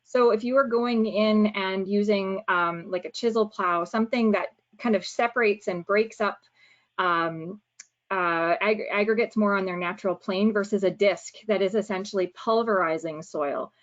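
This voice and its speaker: A woman's voice: mid-range voice, steady tone, moderate pace. Woman explaining soil on a dull call. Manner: explanatory, many fillers and self-corrections. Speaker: provincial soil specialist. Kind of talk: webinar presentation. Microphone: video call.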